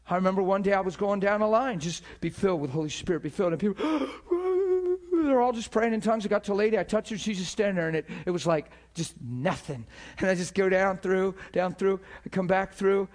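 A man preaching a sermon, telling stories in an animated, emphatic way and acting out the people he quotes. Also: high voice, quick pace, hardly any pauses. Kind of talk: sermon storytelling.

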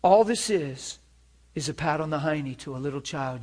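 Preacher, male, high voice, animated testimony sermon, drops to a hush then swells loud, chuckles through it. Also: normal speed. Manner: animated storytelling, swings between hushed and loud; chuckles often while speaking.

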